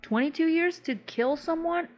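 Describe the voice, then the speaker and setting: A woman's voice: very high voice, moderate pace, lo-fi sound. A woman co-hosting a podcast in casual chat, blunt and sweary, often saying bro. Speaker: podcast co-host.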